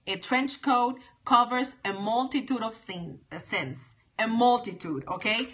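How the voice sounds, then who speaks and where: A woman hosting a casual phone livestream talks to her viewers at a measured pace in a somewhat high, slightly bright voice. She's sassy and emphatic, hammering her points more than once.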